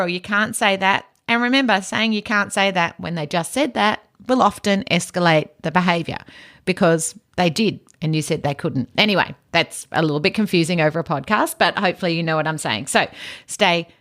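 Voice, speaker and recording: Middle-aged woman podcast host, teaching in a calm, low-key near-monotone; mid-pitched voice. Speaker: podcast host and autism educator. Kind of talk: educational podcast talk.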